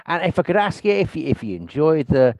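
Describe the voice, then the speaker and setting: A man's voice: a little high, big pitch swings, a little fast, a little mellow, dry recording. An older man hosting a podcast in casual chat, rambling with restarts and laughing often. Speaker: podcast host.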